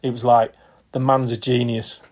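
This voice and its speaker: A man in his fifties spinning casual stories as a podcast guest. He talks at a middling pitch for a man and slips into other people's voices as he recounts old moments, with ready laughs between. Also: normal speed, a little hiss or hum. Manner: lively storyteller who acts out quotes and laughs often. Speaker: podcast guest, retired footballer. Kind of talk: casual anecdotal storytelling.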